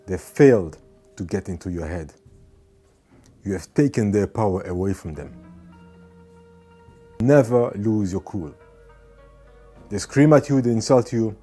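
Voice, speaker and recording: A man giving an earnest motivational talk, repeating his points and now and then acting out angry people. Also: fairly low pitch. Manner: earnest, repeats phrases, acts out shouting people. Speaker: motivational speaker.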